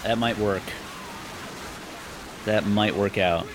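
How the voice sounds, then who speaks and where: A man co-hosting a podcast, chatting casually while playing a game, animated and quick to laugh. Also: fairly low pitch, noisy background. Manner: animated, laughs often, thinks aloud. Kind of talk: casual gameplay chat.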